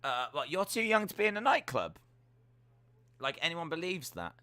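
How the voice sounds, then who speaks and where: A British man hosting a live stream, reading viewer comments aloud and answering them with teasing, deadpan jokes. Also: fairly high pitch, normal speed, clean tone, no room sound. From United Kingdom. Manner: jokey, teasing, deadpan banter.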